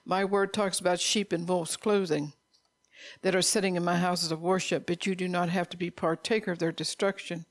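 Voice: mid-range voice, level tone, normal speed, dry recording. A middle-aged preacher giving an informal sermon, blunt and repetitive, scolding listeners in a conversational way.

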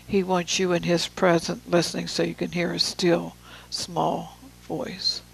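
A preacher giving a sermon, reading scripture with slow, deliberate emphasis and casual asides to the room. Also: medium pitch, completely flat delivery, gravelly, breathy edge, rough recording.

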